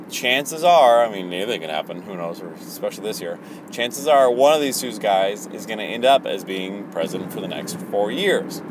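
Rambling, hesitant man with a low voice. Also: noisy background. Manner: hesitant, many fillers and restarts. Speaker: Christian podcast host. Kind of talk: rambling casual monologue.

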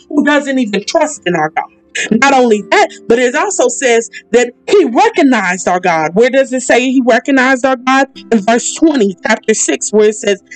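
A woman preaching casually as a podcast Bible teacher, excitable and rambling, calling out to her listeners. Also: high-pitched, rough recording. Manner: excitable, rambling, uses y'all.

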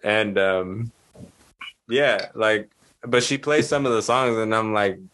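A man's voice: fairly low pitch, takes it slowly, fairly bright tone. A young man co-hosting a podcast, chatting casually in a laid-back, slangy way full of fillers. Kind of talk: casual chat.

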